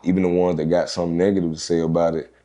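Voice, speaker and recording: Deep mellow man telling stories. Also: level tone, very fast. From Atlanta, Georgia, USA. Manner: profane, laid-back storyteller who acts out the dialogue. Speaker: guest, rapper and reality TV personality. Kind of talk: casual storytelling interview.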